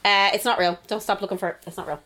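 A woman co-hosts a podcast, keeping the talk casual and chatty while swearing freely and laughing a lot. Her mid-range voice holds a steady tone but races along, bright and forceful.

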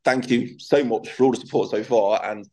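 A man's voice: medium pitch, fairly even intonation, moderate pace, darkish tone, rough recording. A young man from England, a DJ and presenter chatting casually as an interview guest, rambling a little with fillers.

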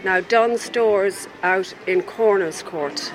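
A man with a high voice, chatting on the street with faint traffic behind. He gives his opinions readily. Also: slow. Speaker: passer-by. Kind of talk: street vox pop.

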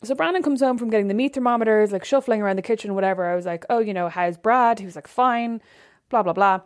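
Fast-talking woman telling stories. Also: mid-range voice. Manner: chatty, animated storytelling with quoted asides. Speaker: podcast co-host. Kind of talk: casual chat.

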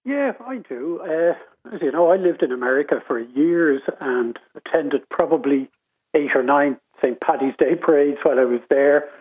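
A middle-aged Irish man on a radio show, telling stories in a relaxed, chatty way. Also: on the high side, moderate pace, husky. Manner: chatty anecdotal storytelling. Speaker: radio panelist. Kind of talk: casual radio chat. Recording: tinny phone line.

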